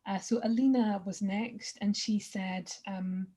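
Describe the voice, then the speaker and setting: A woman's voice: mid-range voice, steady tone, unhurried, few pauses, dark tone. A woman moderating an online conference Q and A over a video call, upbeat and encouraging. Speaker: session moderator. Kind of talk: hosting a Q and A.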